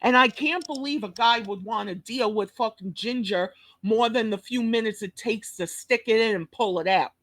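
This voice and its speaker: A woman's voice: fairly high pitch, moderate pace, hardly any pauses, a bit bright, no echo. A woman with a New York accent hosting a reaction video, delivering a blunt, cursing, scolding rant. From Brooklyn, New York. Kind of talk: profane reaction commentary.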